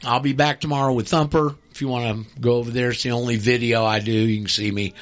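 A man's voice: mid-range voice, fairly even intonation, quick pace. A man hosting a call-in radio show, talking bluntly and emphatically in a folksy way.

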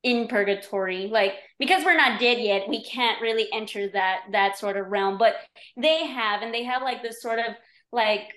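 A woman guesting on a podcast, talking in a casual, animated way with many fillers. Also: a little high, normal speed, echoey room. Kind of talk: casual conversation.

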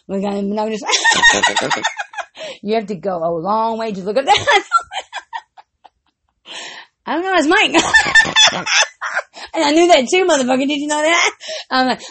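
A woman hosting a casual, profane chat, laughing constantly and swinging from loud to quiet. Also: fairly high pitch. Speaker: podcast host.

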